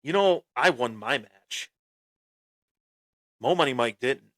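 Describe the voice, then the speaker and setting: A man hosting a wrestling podcast and telling a story with boastful heel bravado. He breaks into sudden loud bursts and often repeats and restarts his phrases. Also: medium pitch, animated, takes it slowly, no room sound. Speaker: podcast host.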